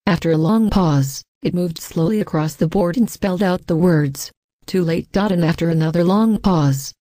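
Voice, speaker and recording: A woman narrating a scripted ghost story in the first person, reading in a measured, even way and reading out the quoted lines herself. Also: on the low side, no room sound.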